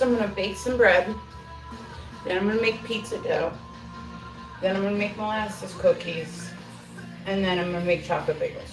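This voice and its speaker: A chatty middle-aged woman talks her viewers through her baking on a live stream, laughing easily and dropping casual swears. Her voice bounces around a roomy kitchen and often sounds a step away from the mic. Soft music plays faintly underneath. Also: medium pitch, far from the mic. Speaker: livestream host. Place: home kitchen.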